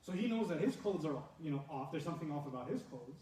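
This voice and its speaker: A man with a high, mellow voice teaches a scripture lesson, animated and quick to laugh as he acts out the story. He sounds a little distant from the mic in an echoey room. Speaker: religious lecturer.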